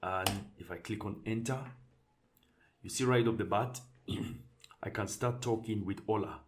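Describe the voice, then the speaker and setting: A man casually walking through a software tutorial, thinking aloud and restarting phrases as he clicks through settings. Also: on the low side, a little slow, slight background noise. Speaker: tutorial presenter. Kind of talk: casual screen-share tutorial.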